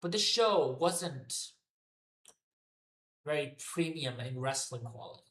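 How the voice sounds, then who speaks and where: A man's voice: fairly high pitch, animated, slow pace, a bit bright. Profane ranting man, echoey room. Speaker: wrestling commentary streamer. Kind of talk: unscripted rant to a live chat. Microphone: headphones on.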